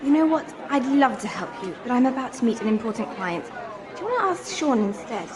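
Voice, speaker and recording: A woman's voice: on the high side, very animated, crowd noise. A woman playing a friendly but busy office colleague in a scripted lesson dialogue, apologetic as she declines. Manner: apologetic, quick brush-off.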